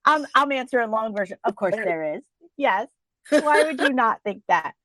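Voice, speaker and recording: A woman's voice: fairly high pitch, animated, moderate pace, fairly bright tone, no echo. A middle-aged woman with a New Jersey accent, co-hosting a podcast in casual, rambling chat full of fillers and restarts. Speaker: podcast co-host.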